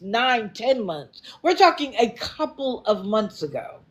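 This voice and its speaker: A middle-aged woman hosting a livestream, giving casual, sassy commentary and answering her chat in an animated way. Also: a little high, takes it slowly, few pauses. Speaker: livestream host.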